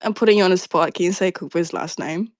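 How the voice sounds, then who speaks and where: A woman's voice: lowish voice, fast. A woman co-hosting a casual chat, with a playful, teasing manner. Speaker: co-host.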